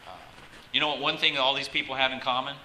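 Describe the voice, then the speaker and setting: A man's voice: mid-range voice, level tone, quick pace, bright, forceful tone, slight background noise, rough recording. A pastor preaching a conversational sermon, often asking the congregation questions and restarting his phrases.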